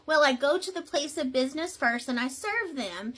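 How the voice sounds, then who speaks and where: A woman's voice: sits high, animated, normal speed, fairly bright tone. A woman process server telling a story casually in a chatty way, with many fillers and asides.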